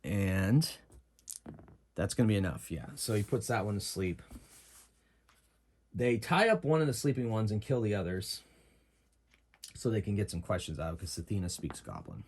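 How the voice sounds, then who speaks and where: Low husky man narrating a game. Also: big pitch swings, normal speed, pauses often, darkish tone. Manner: casual, thinking aloud with fillers. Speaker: game master playing solo. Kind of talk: narrating a solo tabletop game.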